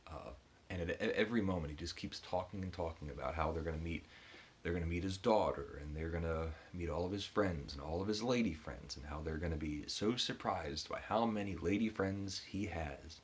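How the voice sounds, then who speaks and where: A man giving a casual book review, retelling the story in a halting way with frequent restarts. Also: low voice, a little hiss or hum.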